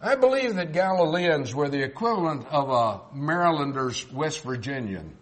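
A man's voice: a little high, animated, normal speed. An older man from South Texas preaching a sermon, folksy and emphatic, mixing Bible argument with family stories.

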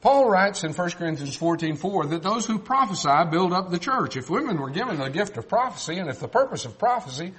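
A man's voice: high voice, big pitch swings, a little fast, few pauses, a bit bright. An older man from South Texas preaching a sermon, folksy and emphatic, mixing Bible argument with family stories.

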